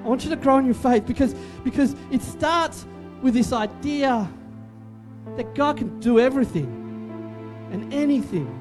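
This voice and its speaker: Man, pastor, sermon, emphatic, repeats himself, animated pitch, faint music underneath. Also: moderate pace. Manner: emphatic, repetitive, jokey preaching.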